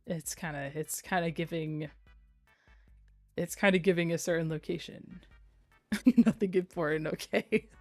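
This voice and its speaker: A woman's voice: on the low side, fairly even intonation, measured pace, long pauses, a little mellow, no echo, faint music behind. Giggly woman streamer, dry close mic. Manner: giggly, playful, rambling. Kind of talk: casual livestream chat.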